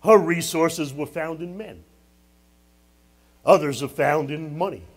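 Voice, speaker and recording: High-voiced man preaching a sermon. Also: slow pace, breathy edge. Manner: preaching with rising emphasis and asides. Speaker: pastor.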